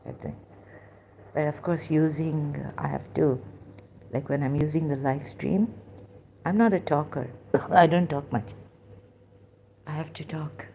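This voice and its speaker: A woman talking alone on a livestream, hesitant and halting, often dropping into whispers. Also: low voice, gravelly, warm tone, a little hiss or hum. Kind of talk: rambling solo livestream talk.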